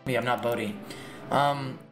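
A man's voice: mid-range voice, steady tone, a little slow, a bit bright, reverberant, soft background music. A man streaming a game live, boisterous and laughing, trash-talking and greeting his chat.

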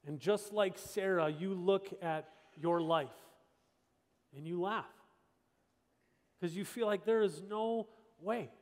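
A man's voice: high-pitched, takes it slowly, pauses often. A man preaching a sermon as pastor, talking in a conversational, emphatic way and repeating his rhetorical questions. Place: church sanctuary. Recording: long church hall reverb.

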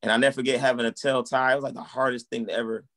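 A man's voice: mid-range voice, racing. A man in his thirties telling his story in a casual interview, acting out quoted dialogue. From United States. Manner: animated, acts out quoted dialogue. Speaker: guest, musician and minister.

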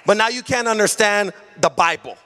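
A male senior pastor preaching a sermon in a church, emphatic and repetitive, often rising to a shout. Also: high voice, moderate pace. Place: church sanctuary.

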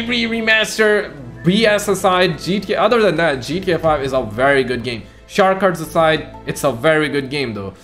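A young man giving casual, excitable reaction commentary on gaming news, full of slang and mock outrage. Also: high voice.

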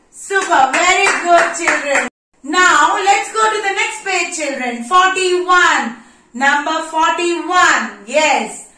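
A woman's voice: extremely high pitch, pushed and bright. A woman teaching a kindergarten online class, coaxing and encouraging the children with lots of repetition. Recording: echoey room, mic far off.

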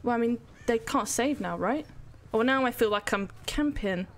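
A woman giving excitable, sweary, self-mocking commentary on her own gameplay as a streamer. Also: a little high, moderate pace. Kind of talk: live gaming commentary.

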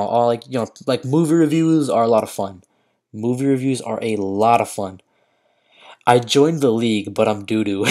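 Young male streamer, excitable and slangy, casual banter, mid-range voice, bursts of shouting mid-match. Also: mid-range voice. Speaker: livestreamer. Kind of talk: casual gaming livestream chat.

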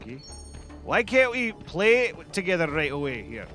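A man hosting a game stream in casual chat, excitedly exclaiming questions about what he sees. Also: a little high, normal speed. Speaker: streamer host. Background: game music.

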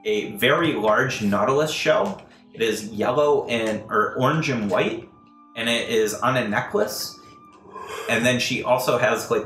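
A man narrating a tabletop game as dungeon master, halting with many fillers. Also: medium pitch, a bit bright. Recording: echoey room, faint music.

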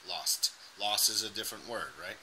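A man's voice: on the low side, moderate pace, pushed and bright, low-quality recording. A man coaching a student on pronunciation, giving encouraging feedback and over-articulating sounds. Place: indoors, dim lighting.

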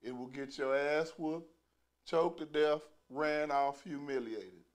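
A man's voice: a little high, slow. A middle-aged man telling a profane prison story as stand-up, acting out the people he quotes. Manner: profane, animated, acts out quoted voices. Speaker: stand-up comedian.

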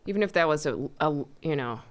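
Low smooth voiced woman, soft and halting, guest on a chatty podcast. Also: animated. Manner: soft-spoken, halting, trails off. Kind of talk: casual chat.

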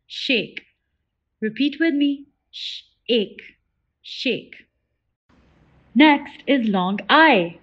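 A young woman teacher leading a children's phonics lesson, slowly sounding out words and patiently asking the listener to repeat after her. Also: high-pitched, muffled recording. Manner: slow, drawn-out sounding out of words; patient, encouraging prompts to repeat.

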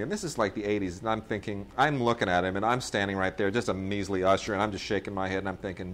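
Rambling low-voiced man telling stories. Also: steady tone, quick pace, few pauses, a bit bright, slight background noise. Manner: rambling storyteller, many fillers, mimics people in quoted bits. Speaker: podcast co-host. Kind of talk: casual chat reviewing home video releases.

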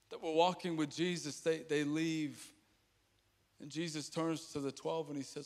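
A pastor preaching with passion, swinging between ringing declarations and hushed, intimate asides, through a stage microphone in a large church auditorium. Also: male voice, fairly high pitch, steady tone, moderate pace. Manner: impassioned, repetitive preaching with dramatic drops to quiet. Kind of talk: sermon. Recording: reverberant church hall.

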